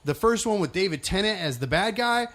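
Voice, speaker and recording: A man's voice: high-pitched, animated, a little fast, fairly bright tone. A man co-hosting a podcast, ranting animatedly about shows in casual chat and swearing freely. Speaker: podcast co-host.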